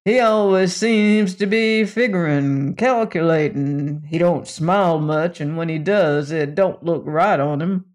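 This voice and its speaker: A man's voice: on the high side, unhurried, hardly any pauses, lightly acted. A man voicing a blunt, hesitant frontier townsman who speaks in rural dialect. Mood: gossipy.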